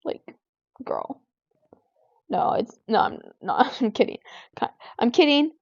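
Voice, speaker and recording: A high-pitched teenage girl rambles through an exasperated vent session while she plays a game. Her words come packed with "like" fillers. The sound is dry and a bit dull, as if recorded on a lo-fi home mic. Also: lively intonation, slow, a little mellow, no echo. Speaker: gaming vlogger. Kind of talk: casual venting while playing a game.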